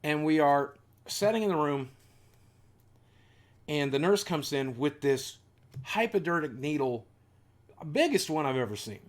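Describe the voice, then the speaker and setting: A man's voice: fairly high pitch, animated, unhurried, long pauses. A man in his forties telling a personal story on his vlog, earnest and confessional with wry asides. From United States.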